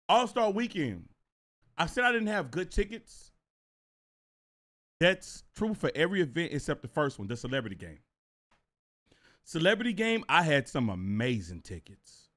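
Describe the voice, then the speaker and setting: Casting note: male streamer, bright, lively delivery, swears freely while telling a story to his chat. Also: a little high. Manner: animated and profane, talks straight to viewers. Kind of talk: casual storytelling to a live chat.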